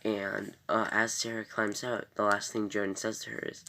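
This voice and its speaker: A man gives a loose, casual review of a TV episode, his low voice edged with vocal fry. He talks in a rambling way, stopping to correct himself and filling gaps with "uh" and "um.". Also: steady tone, brisk, hardly any pauses, sharp tone. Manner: rambling, many fillers and self-corrections.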